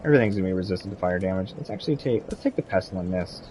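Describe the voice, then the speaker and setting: This young streamer has a low, warm voice and speaks in an animated, rapid-fire way, chatting loosely with viewers and rooting for his in-game companion as he plays. Slight background noise sits under the recording.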